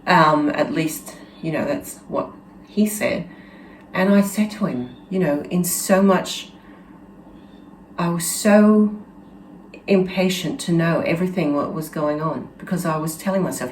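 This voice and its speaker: Low-pitched woman host, earnest and halting storyteller, echoey room. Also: slight background noise. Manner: halting, earnest, full of restarts and fillers. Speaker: channel host. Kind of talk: personal storytelling monologue. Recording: roomy echo with faint ambience.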